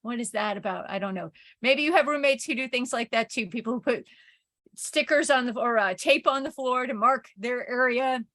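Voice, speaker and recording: A woman's voice: high voice, normal speed, fairly bright tone. A woman professor giving an informal recorded lecture, telling a neighborhood anecdote in a chatty way, full of "like" and "right?". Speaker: communication professor.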